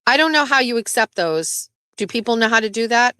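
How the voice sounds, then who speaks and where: A woman's voice: on the high side, expressive, a little fast, pushed and bright, clean tone, no echo. A woman hosting a casual live stream, chatting loosely, swearing freely and reading viewer messages aloud. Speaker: livestream host.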